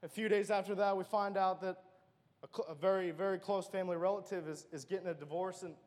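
A man's voice: high-pitched, steady tone, quick pace, a little mellow, long reverb tail. A man giving an earnest, emotional personal testimony as a church speaker.

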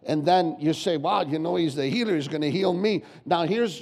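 A guest pastor preaching a sermon, emphatic and repetitive, firing rhetorical questions at the congregation. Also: male voice, on the high side, lively intonation, normal speed, vocal fry, darkish tone. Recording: long church hall reverb.

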